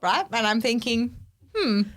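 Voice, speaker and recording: A woman co-hosting a podcast, telling a story in casual chat, animated and swearing freely. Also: on the high side, moderate pace. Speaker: podcast co-host.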